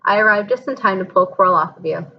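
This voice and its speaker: A woman reading aloud, voicing a calm, kindly old male headmaster with a gentle, wry, measured manner. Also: mid-range voice, highs cut off, lightly acted.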